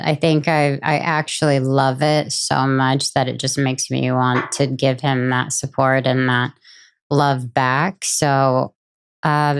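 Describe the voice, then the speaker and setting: A woman in her thirties, a podcast guest, talking candidly and haltingly. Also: extremely low pitch, clear, resonant tone, no echo. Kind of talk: casual podcast conversation.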